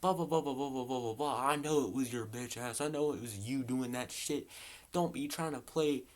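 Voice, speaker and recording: A young man putting on the voice of an angry middle-aged man who shouts crude threats at some kids. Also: mid-range voice, normal speed, voice pushed up, close to an everyday voice. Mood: furious.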